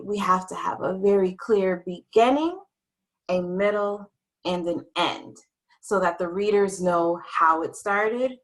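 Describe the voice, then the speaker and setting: A young adult woman teaching a writing lesson to young children in a slow, expressive, sing-song teacher voice. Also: mid-range voice, poor audio.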